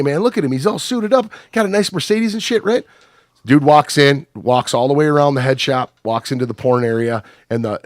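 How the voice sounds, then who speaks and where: A man's voice: mid-range voice, no room sound, studio quality. Profane rambling storyteller man. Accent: Upper Midwest American. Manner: profane, rambling anecdotes full of fillers. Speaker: podcast guest. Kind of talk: casual storytelling.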